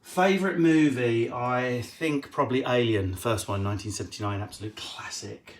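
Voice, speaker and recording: A man, a comedian, answering viewer questions at home in a casual, cheeky, sweary way. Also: medium pitch. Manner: cheeky, sweary, quick-witted. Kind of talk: casual live Q&A.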